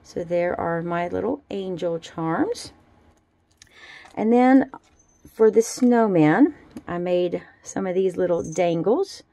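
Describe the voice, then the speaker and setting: A woman casually showing off her handmade jewelry in a relaxed, chatty way at a home craft table. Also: fairly low pitch, slow pace, creaky, dry recording. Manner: chatty, relaxed, fond little asides. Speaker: jewelry-making vlogger. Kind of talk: casual show-and-tell.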